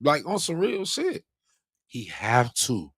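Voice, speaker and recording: A man's voice: a little high, wildly swooping pitch, slow, a bit bright, slightly rough. A man hosting a casual livestream, talking in loose slang, swearing freely and laughing often. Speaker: livestream host.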